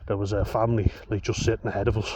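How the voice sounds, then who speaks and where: Talking very fast in a lowish voice, an Irish vlogger rattles through a rambling, casual monologue. It's peppered with swearing and off-topic chatter, and the recording is dull lo-fi with steady background noise.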